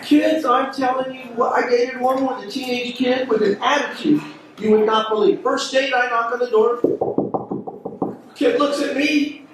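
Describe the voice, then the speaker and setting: On a comedy club stage, a brash male stand-up with an extremely high voice works the crowd and fires off rapid punchlines. Recorded from a distance in an echoey room with slight background noise, his set is punctuated by audience laughter.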